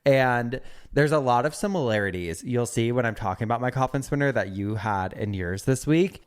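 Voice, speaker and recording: A man's voice: mid-range voice, expressive, moderate pace, clear, resonant tone. A man co-hosting a podcast, telling a history story in a campy, profane, chatty way. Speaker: podcast co-host. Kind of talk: casual chat.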